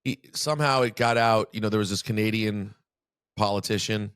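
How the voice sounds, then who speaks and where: A man talks loosely on a podcast, his voice sitting on the low side. The sound is dry and close, with no room around it. He rambles and slips in teasing jabs. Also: steady tone, a little fast, a bit bright, clear, resonant tone, no echo. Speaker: podcast co-host. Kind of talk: casual chat. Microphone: studio podcast mic.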